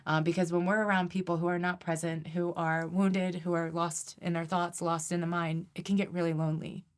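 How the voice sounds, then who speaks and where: A woman's voice: fairly low pitch, little pitch movement, brisk. A woman energy healer as a podcast guest, explaining in an earnest, teaching way with frequent restarts. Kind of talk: podcast interview.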